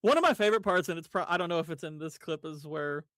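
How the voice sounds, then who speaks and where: Male podcast co-host, slightly high voice, loose mocking chatter. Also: fast talker, bright, forceful tone, no room sound, studio quality. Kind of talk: casual podcast chat.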